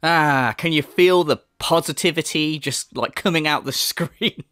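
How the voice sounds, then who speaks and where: A man's voice: on the high side, a little slow, bright, forceful tone, dry recording, clean studio sound. A man hosting a sarcastic commentary, swearing often and mocking what he reacts to. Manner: mocking, laughing, swearing, mimics voices. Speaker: commentary channel host.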